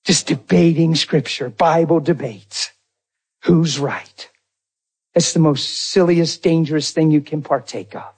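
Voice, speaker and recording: A male preacher with a husky, slightly high voice delivers a sermon. He swings between loud, rising exclamations and quiet, low asides, pushing his points with force. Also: measured pace.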